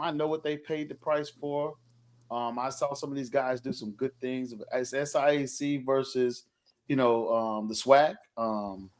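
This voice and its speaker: A man, a football coach, talking sports casually in a halting way, with many ums and you-knows. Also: a little high, fairly bright tone.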